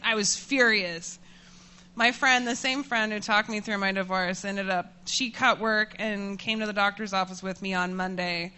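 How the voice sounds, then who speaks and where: A woman in her thirties telling a personal story to an audience, candid and self-mocking, laughing often and getting animated as she tells it. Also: medium pitch, normal speed, smooth. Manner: animated, voices rising when furious.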